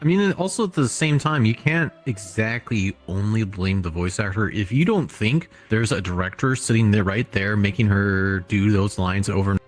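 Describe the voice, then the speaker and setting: Lower-voiced man in casual stream chat. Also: animated, moderate pace, few pauses, soft background music.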